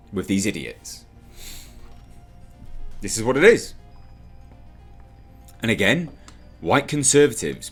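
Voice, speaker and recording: A man's voice: medium pitch, breathy edge. A man ranting in a commentary vlog, sarcastic and exasperated, slipping into mocking voices. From United Kingdom. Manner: sarcastic, exasperated, mocks others in put-on voices. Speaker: commentary vlogger.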